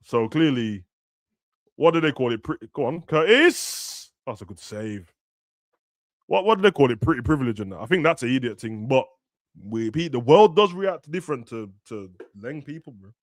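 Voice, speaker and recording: A young man, ranting and joking as a streamer during a football watch-along, now and then shouting. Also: medium pitch, very animated, moderate pace, no room sound, clean studio sound. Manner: ranting, slangy, bursts of shouting. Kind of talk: casual chat over a live match.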